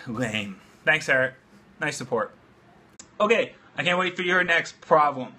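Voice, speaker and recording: A man hosting a casual livestream chat from his home studio, excitable and loose, swearing freely while drinking beer. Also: a little high, takes it slowly. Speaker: livestream host. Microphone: phone livestream app.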